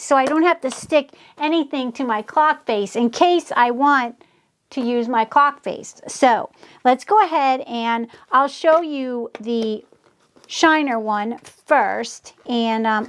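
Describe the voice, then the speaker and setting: A woman hosts a casual DIY tutorial in a high, bright-pitched voice. She talks at an easy, unhurried pace, narrating each step in a chatty way. She bursts into gasps of delight over her finished crafts. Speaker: DIY craft channel host.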